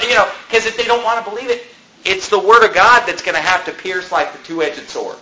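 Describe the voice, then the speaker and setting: In a church, a male pastor with a high, bright, forceful voice preaches an animated sermon, talking conversationally to the congregation and tossing out rhetorical questions. He's a little fast, and the lo-fi sound is roomy with faint background noise.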